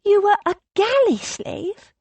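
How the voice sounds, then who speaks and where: A spirited young noblewoman, eager and pressing, with a lively, swooping pitch, as a woman narrator puts her on. The voice is a little husky and close to a dry mic. It is a slow audiobook reading. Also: dry recording, heavily acted.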